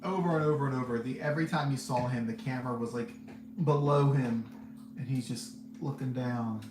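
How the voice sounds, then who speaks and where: With music in the background, this man speaks briskly at a medium pitch as he hosts a podcast, rambling through frank, easygoing movie reviews and laughing often. He's sitting indoors, and the audio carries a roomy echo and a faint background hum.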